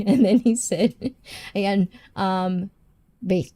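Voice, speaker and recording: A woman's voice: mid-range voice, measured pace, gravelly, darkish tone. A woman hosting a casual livestream, a personal trainer who chats with viewers by name and laughs often.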